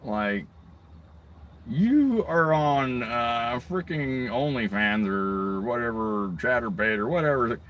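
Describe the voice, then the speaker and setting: A man's voice: medium pitch, lively intonation, slow, fairly bright tone, slight background noise. A man ranting on his own channel, rambling and swearing heavily, with mocking asides. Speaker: video blogger. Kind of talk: angry profane rant.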